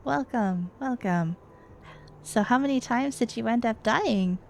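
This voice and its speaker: A woman streamer chatting casually and excitedly with her viewers. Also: on the high side, moderate pace, gravelly, a little hiss or hum. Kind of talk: casual live-stream chat.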